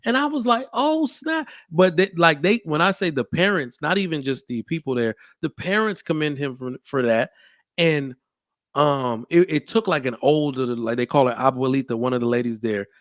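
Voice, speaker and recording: A man's voice: medium pitch, moderate pace, dry recording, studio quality. A man hosting a casual podcast chat, telling stories and acting out the people he quotes. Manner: animated storyteller, acts out quotes. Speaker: podcast host.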